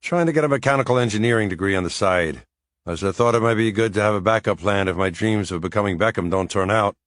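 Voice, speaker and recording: A man's voice: on the low side, fast, a bit bright, lightly acted. A man voicing a cheerful young Irish man who applies as a nanny, chatty and self-mocking, with an Irish accent.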